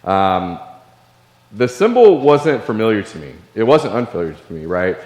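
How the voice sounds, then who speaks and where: Speaking at a moderate pace, this middle-aged man from Illinois, a Navy veteran, shares a personal story during a keynote with earnest, confessional feeling. His lowish voice is very animated and a bit dark in tone. The large hall gives the audio a long, echoing reverb.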